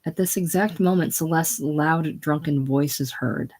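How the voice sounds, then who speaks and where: Slow, casual reader of stage directions. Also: mid-range voice, a little mellow, low-quality recording. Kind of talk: casual play reading.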